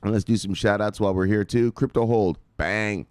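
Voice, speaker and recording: A man's voice: lowish voice, fairly even intonation, a little fast, smooth, no room sound, clean studio sound. Brash man hosting a crypto stream. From United States. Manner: loose, swearing, joking, shouting "bang" at viewers' names. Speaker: crypto video host. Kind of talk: casual live-stream chat.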